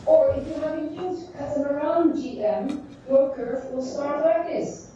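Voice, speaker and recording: A woman teacher giving a classroom lecture, thinking aloud in halting phrases while she draws on a board. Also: sits high, dark tone, a little hiss or hum. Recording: echoey dull room sound from far off.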